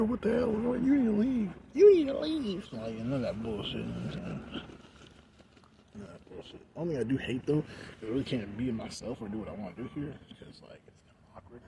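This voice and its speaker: Rambling, slurring young man on a noisy recording. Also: medium pitch. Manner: rambling, heavy fillers, slurring words. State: high on edibles. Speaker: vlogger. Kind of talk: rambling casual vlog. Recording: noisy background.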